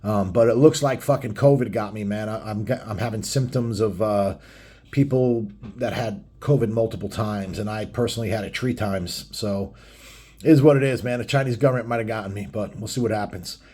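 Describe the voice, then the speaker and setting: A man's voice: lowish voice, fairly quick, dark tone, breathy edge. Laid-back, cussing biker man. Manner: loose and profane, keeps saying "man". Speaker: biker author telling stories. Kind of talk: casual vlog chat.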